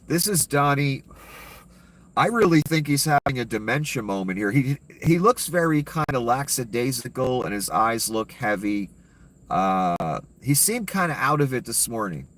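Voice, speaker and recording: A man's voice: mid-range voice, sing-song, normal speed, a bit bright. A man giving an angry, profane and sarcastic rant of political commentary.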